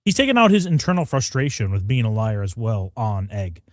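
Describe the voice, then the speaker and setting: Man, animated pitch, laughs often, mocking asides, casual livestream co-host, dry sound. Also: a little fast, no echo.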